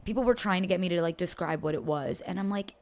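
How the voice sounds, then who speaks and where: A young woman from Philadelphia chatting as a podcast guest, animated, cursing freely and laughing often. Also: lowish voice, quick pace. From Philadelphia, USA. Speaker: podcast guest, content creator. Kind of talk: casual chat.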